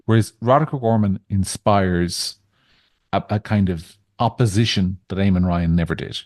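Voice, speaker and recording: A man co-hosting a political podcast, giving measured opinions in casual chat with frequent restarts. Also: low-pitched, darkish tone, no room sound, clean studio sound. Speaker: podcast co-host.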